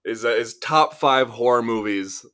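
A man's voice: medium pitch, a little slow, bright, forceful tone, clean tone. A man co-hosting a podcast in casual chat, joking and rambling as he laughs often. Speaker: podcast co-host.

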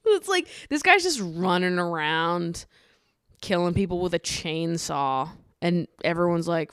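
A woman with a fairly low, smooth and clear voice rambles through a casual solo podcast. She talks loosely and chattily, drops swear words freely and breaks into laughter often. The sound is dry and close, with no room around it. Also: expressive, unhurried, a bit bright, no echo. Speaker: podcast host.

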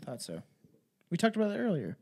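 High-voiced, giggly podcast co-host man. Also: wildly swooping pitch, brisk, creaky, dark tone, husky. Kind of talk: casual podcast chat, reading a script aloud.

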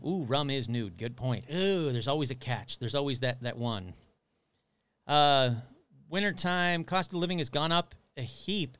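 A man's voice: a little high, bright, forceful tone, clean tone, dry recording. Chatty man streaming live, dry close sound. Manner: chatty, swearing, reads chat aloud. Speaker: livestream host. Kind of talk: casual live-stream chat.

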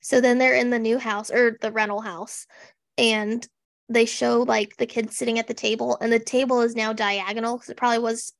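Woman, podcast co-host, sarcastic casual chat, vocal fry, dry close sound. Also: a little high, little pitch movement, normal speed, no echo. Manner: sarcastic, chatty, many fillers. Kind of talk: casual chat recapping a TV special.

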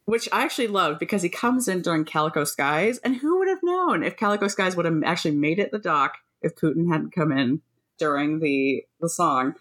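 A woman's voice: on the low side, brisk, breathy edge. A woman co-hosting a podcast, chatting casually, often laughing and swearing as she tells a story. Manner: lively, laughing often, profane. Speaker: podcast co-host. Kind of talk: casual chat.

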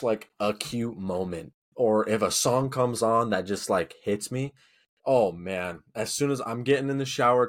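A man in casual podcast chat, talking earnestly and rambling, with lots of "you know.". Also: lowish voice. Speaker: podcast co-host.

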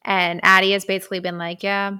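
A woman's voice: medium pitch, brisk, creaky, fairly bright tone, no room sound. A woman co-hosting a casual book podcast, laid-back, with wry asides and frequent agreement. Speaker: podcast co-host.

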